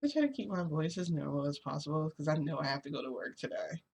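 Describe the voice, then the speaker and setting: Gravelly, rambling young-sounding woman. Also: low-pitched, lively intonation, fast talker, a little mellow, a little hiss or hum. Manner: rambling, full of fillers and giggles. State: voice cracking from screaming. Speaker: vlogger. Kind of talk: casual storytime chat.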